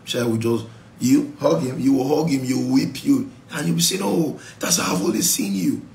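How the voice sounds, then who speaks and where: A Nigerian man preaches a Bible study in a church, urging his listeners on and dropping pidgin asides between his points. His mid-pitched voice rings round a roomy hall, with a faint hum of ambience behind it. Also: normal speed, vocal fry, a little mellow. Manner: exhortative, mixes in pidgin asides. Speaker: pastor. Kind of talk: sermon, Bible study teaching.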